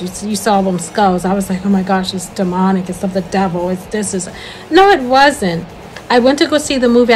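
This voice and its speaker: An older woman speaks in an earnest, encouraging talk and returns to her key points again and again, much like a preacher. Her voice sits at an ordinary middle pitch, with a faint hiss under it. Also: poor audio. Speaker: host.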